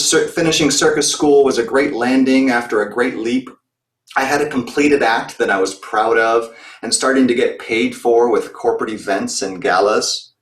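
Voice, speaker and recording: Earnest man telling his story in an echoey room. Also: medium pitch. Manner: earnest, reflective, with occasional restarts. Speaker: circus performer giving a talk. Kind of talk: personal storytelling talk. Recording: echoey room, distant mic.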